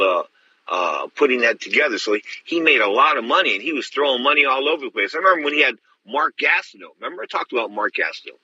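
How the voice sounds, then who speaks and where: A man's voice: mid-range voice, pushed and bright, breathy edge, no echo, dull audio. A middle-aged man hosting a show, telling stories bluntly and rambling with many restarts. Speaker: host. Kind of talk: casual storytelling.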